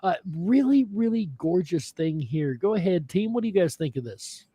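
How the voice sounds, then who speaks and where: A man's voice: sits high, lively intonation, normal speed, dark tone, husky, no room sound. Chatty, showy male livestream host. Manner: showman-like, announcing and thanking donors. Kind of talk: livestream panel talk.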